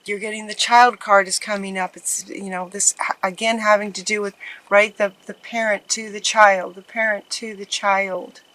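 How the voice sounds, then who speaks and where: A woman giving a casual tarot reading to her viewers, gentle and encouraging, often repeating her phrases. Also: medium pitch, flat delivery, moderate pace, rough recording. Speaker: tarot reader.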